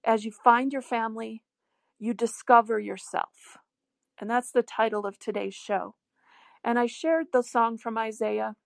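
A woman's voice: on the high side, creaky, no room sound. A middle-aged woman hosting a devotional talk show, telling a family story earnestly into her phone. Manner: earnest storytelling, slow and emphatic in places. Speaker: host. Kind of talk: devotional talk show on a live audio app.

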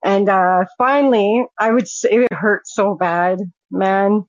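A woman's voice: mid-range voice, takes it slowly, no room sound. A woman recounting a personal story as a guest, speaking frankly and swearing freely. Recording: dull, dry lo-fi sound.

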